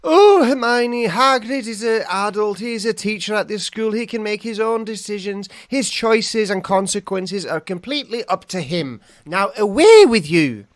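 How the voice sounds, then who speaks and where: A man putting on the voice of a stern older female Scottish teacher, in a high, slow, clipped mock accent. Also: lively intonation. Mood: stern dismissive.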